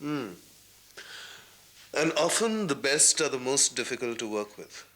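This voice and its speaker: An actor playing a measured, quietly sarcastic male film director. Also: medium pitch, big pitch swings. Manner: measured, dry, quietly probing. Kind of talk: 1990s TV drama acting.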